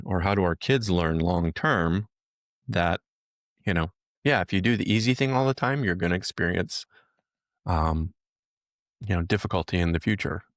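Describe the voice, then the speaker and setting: A man's voice: deep voice, creaky, no room sound, studio quality. A man co-hosting a podcast, talking reflectively in casual chat and explaining his point through a metaphor. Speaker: podcast co-host.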